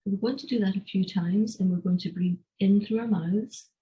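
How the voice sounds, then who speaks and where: A woman teaching a live online class, calmly explaining and guiding a breathing exercise. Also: medium pitch, lo-fi sound. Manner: calm, measured explanation. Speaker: energy health teacher. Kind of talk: online lecture with guided breathing.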